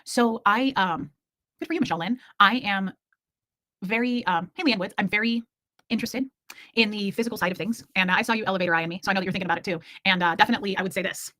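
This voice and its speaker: Fast-talking frank woman streamer. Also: medium pitch, bright, forceful tone, dry recording. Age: 40s. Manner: candid, rambling, jokey, reacts to chat. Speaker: livestream host. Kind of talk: casual livestream chat reading comments.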